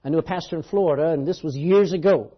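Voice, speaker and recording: A man preaching a sermon, telling stories with emphasis and swinging between loud outbursts and hushed asides, in a dull lo-fi recording. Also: on the high side, fast, breathy edge.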